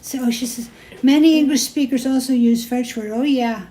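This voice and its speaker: In a high, warm voice at a moderate pace, a woman chats her way through crafting on her jewelry-making show. She rambles and laughs at her own mispronunciations, with an echoey room and faint noise in the recording.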